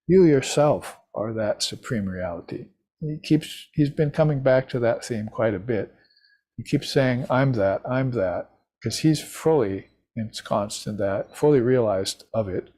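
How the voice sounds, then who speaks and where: A man giving an unhurried, reflective talk on scripture, now and then chanting short mantras. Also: medium pitch, expressive, dark tone. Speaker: spiritual teacher. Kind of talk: recorded lecture on scripture.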